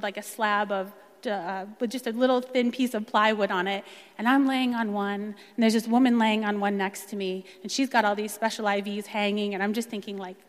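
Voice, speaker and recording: A woman's voice: on the high side, big-room sound. A young woman from the United States telling a personal testimony in an earnest storytelling way, acting out quotes with feeling. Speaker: speaker sharing a personal testimony.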